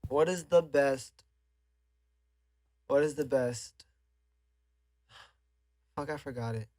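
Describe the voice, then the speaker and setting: A man's voice: medium pitch, very slow, darkish tone, no echo. A man co-hosting a casual podcast, playfully tossing questions to his friends. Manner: playful, asks lots of questions. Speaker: podcast co-host. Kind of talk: casual chat.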